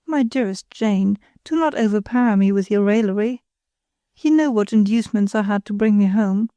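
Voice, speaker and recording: A woman's voice: mid-range voice, normal speed, dark tone, no echo, close to an everyday voice. A woman reading the part of an affected young woman with an artificially sweet, sentimental manner. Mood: languishing.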